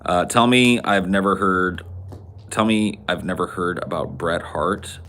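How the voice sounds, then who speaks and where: A man's voice: sits low, a little slow, pushed and bright. A man hosting a podcast in casual chat, joking, swearing a lot and laughing often. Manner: profane, jokey, laughs often. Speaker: podcast host.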